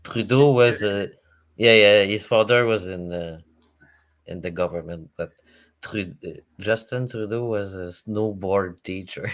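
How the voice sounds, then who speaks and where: A man with a Quebec French accent talks casually in halting English, French being his first tongue. His voice sits on the low side, and he breaks into higher mocking quotes. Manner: animated, broken English, mock quotes in high voice. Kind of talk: casual chat.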